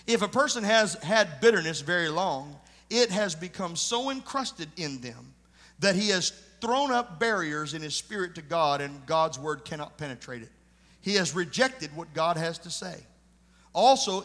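A male pastor delivers a sermon with personal testimony, moving between emphatic points and hushed asides. His voice sits a little high for a man. The long reverb of a church sanctuary trails each line. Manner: earnest storytelling preacher, emphatic and then hushed.

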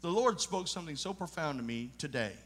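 A male pastor preaching a sermon and telling a personal testimony in an earnest storytelling way, emphatic in places and hushed in others. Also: a little high, animated, a little fast, long reverb tail.

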